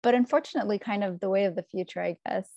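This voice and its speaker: A woman's voice: mid-range voice, very fast, a little mellow, dry recording, lo-fi sound. A woman from California with an American accent, hosting a podcast interview in a chatty, upbeat way with many fillers. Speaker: podcast host. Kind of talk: casual interview chat. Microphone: remote video call.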